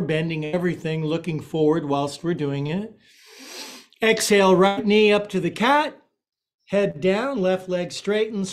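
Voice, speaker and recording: Playful high-voiced male yoga teacher. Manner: playful, jokey cueing with asides. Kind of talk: live yoga class instruction.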